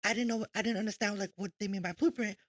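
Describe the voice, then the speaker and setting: A woman's voice: mid-range voice, steady tone, fast, dry recording, poor audio. A woman podcast host from Fresno, chatting casually and reading out local history notes, laughing and tripping over names. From Fresno, California.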